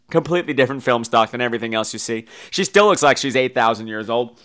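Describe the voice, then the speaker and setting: A man's voice: fairly high pitch, pushed and bright. A man hosting a podcast, giving a casual comedic movie review in a campy, profane storytelling manner. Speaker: podcast host, film reviewer.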